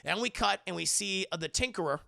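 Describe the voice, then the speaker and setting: A man streaming a casual, animated film recap, swearing often and acting out scenes in voices. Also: sits high, quick pace, vocal fry.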